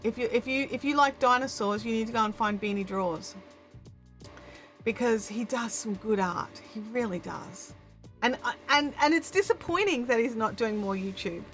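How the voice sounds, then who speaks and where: A woman's voice: fairly high pitch, normal speed, fairly bright tone. Chatty Australian woman streamer, faint music. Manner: chatty, rambling with many restarts and fillers. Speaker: live-stream host. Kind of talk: casual chat to live viewers. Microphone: good studio microphone.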